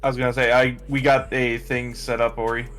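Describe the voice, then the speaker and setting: A man on voice chat with a streamer, relaxed and joking, with a crude word here and there. His pitch sits in the middle range, and faint music runs behind him. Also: fairly quick. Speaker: guest on the stream. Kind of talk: casual voice chat.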